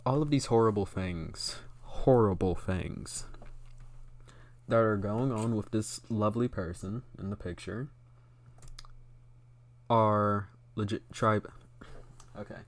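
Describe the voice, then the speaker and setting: A man's voice: on the low side, slow, pauses often. A young man giving casual stream commentary in a sarcastic, mocking tone, swearing often, close to a studio mic. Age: young adult.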